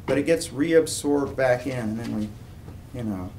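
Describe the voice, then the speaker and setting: A man's voice: medium pitch, unhurried, a little mellow. A man giving an informal university lecture, talking conversationally and drifting into personal anecdotes and asides. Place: lecture room. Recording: distant room recording with faint ambient noise.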